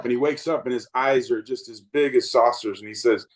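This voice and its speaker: A man's voice: medium pitch, fairly even intonation, fairly quick, hardly any pauses, low-quality recording. Earnest fifty-something man telling stories. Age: 50s. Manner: earnest, rambling, lots of fillers and restarts. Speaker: guest, baseball umpire. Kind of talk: reflective storytelling interview.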